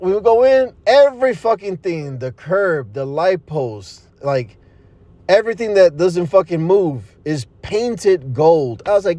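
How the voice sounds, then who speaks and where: Man, high voice, dry close sound; profane, animated storyteller giving a testimony. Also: dry recording. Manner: animated, profane street talk with frequent fillers; laughs at his own story.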